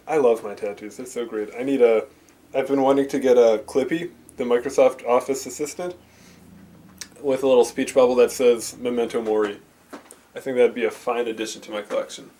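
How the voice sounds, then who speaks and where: This man's mid-range voice is a little mellow as he casually meanders through VHS movie talk in his bedroom. Captured by a handheld camcorder mic with faint hiss, he fills gaps with fillers and often breaks off mid-thought to restart.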